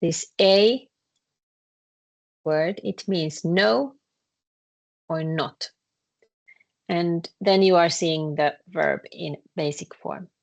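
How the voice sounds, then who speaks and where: A woman's voice: on the low side, extremely slow, gravelly, pauses often. A woman teaching in English, patiently explaining verb conjugation with many repeats and fillers. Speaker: Finnish language teacher. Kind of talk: explaining a lesson to students.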